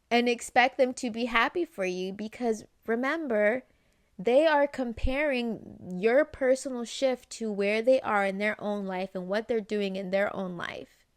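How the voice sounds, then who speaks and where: A woman giving casual self-help advice straight to camera, chatty, with many "right?" asides and quick acted-out snippets of conversation. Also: fairly high pitch, no echo, clean studio sound.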